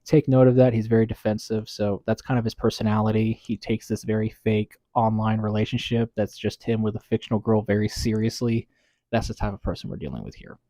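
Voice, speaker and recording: Man, YouTube commentator, casual rambling, lots of fillers, mellow dark tone, dry close-mic recording. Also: fairly low pitch, steady tone, brisk, dry recording. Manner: rambling, many fillers and restarts.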